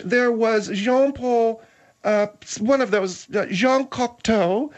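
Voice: mid-range voice, takes it slowly. A person on a comedy talk radio show, knowing and exasperated. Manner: knowing, name-dropping, exasperated.

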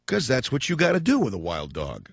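A man's voice: mid-range voice, huge pitch swings, fairly quick, gravelly, dry recording. Brief: blunt, sarcastic male radio host ranting into a studio mic, dull dry sound. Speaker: radio talk show host. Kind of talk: talk radio monologue.

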